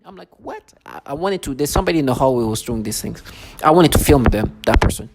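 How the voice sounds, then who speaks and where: A man vlogging at home in an agitated, rambling way, circling back and restarting his sentences. His voice sits at an ordinary middle pitch. Steady background noise runs under the whole recording. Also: fast talker. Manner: agitated, repetitive, many restarts. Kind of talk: rambling to-camera monologue.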